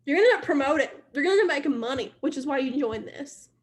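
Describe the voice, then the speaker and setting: Young woman, high voice, casual live-stream pep talk to her team, chatty and repetitive. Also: lively intonation, a little fast. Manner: chatty and repetitive, addressing viewers directly. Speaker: team leader speaking to her sales team.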